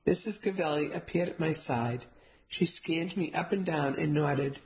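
A woman's voice: sits low, normal speed, a little mellow, low-quality recording. A woman narrating a first-person novel, telling the story steadily with light character voices. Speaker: audiobook narrator.

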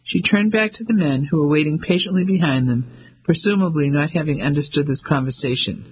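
A man narrating an audiobook in a measured, even storytelling manner. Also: on the high side, slightly rough, poor audio.

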